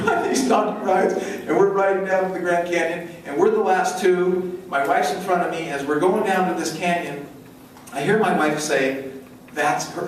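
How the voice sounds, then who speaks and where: A middle-aged man giving a motivational stage talk with a joke story, an energetic storyteller who slips into high acted voices, recorded from a distance in a large conference hall. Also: slight background noise. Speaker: event speaker. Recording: echoey hall, distant mic.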